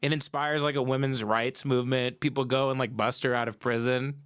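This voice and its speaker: A man's voice: mid-range voice, fairly even intonation, a bit bright, clear, resonant tone. A man hosting a livestream, riffing crudely in a rambling comedic rant on a sensitive mic. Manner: crude, rambling, quick improvised bits. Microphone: sensitive mic without windscreen.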